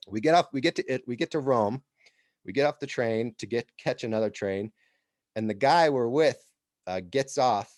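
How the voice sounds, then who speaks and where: A man's voice: medium pitch, darkish tone, no echo, clean studio sound. A man from the United States, co-hosting a podcast and telling a rambling story in a casual way. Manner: rambling, with frequent restarts and laughs. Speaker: podcast co-host.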